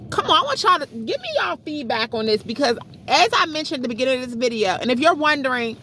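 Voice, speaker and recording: A middle-aged woman vlogs from her phone in a parked car. Her voice is bright and sits a little high, and faint vehicle noise hums underneath. She vents in a chatty, exasperated way and keeps turning to her viewers as y'all. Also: very animated, quick pace. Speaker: vlogger. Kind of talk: casual storytelling vlog.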